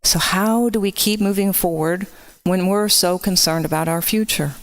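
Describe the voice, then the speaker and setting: A woman from Texas giving a church sermon in an earnest, personal way, growing impassioned at times. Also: moderate pace. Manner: earnest, grows impassioned with rising pitch. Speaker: lay preacher. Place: church sanctuary.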